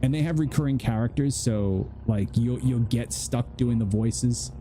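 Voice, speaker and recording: A man with a very dark, mellow voice talks casually while playing a video game. He chats and jokes his way through the session, drifting into rambling asides. His pitch sits right in the middle for a man. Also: unhurried, slight background noise. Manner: chatty and joking, rambling asides. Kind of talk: casual gameplay commentary.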